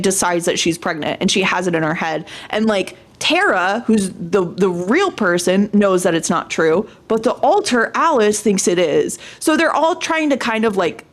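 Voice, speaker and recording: Animated swearing woman telling stories. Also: mid-range voice. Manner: animated, swears freely, excited storytelling. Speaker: stream host. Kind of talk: casual chat while dyeing hair.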